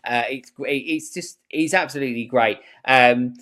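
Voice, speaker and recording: A man hosting a podcast, chatting casually in a rambling, animated way and swearing freely. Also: medium pitch, normal speed. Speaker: podcast host. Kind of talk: casual chat.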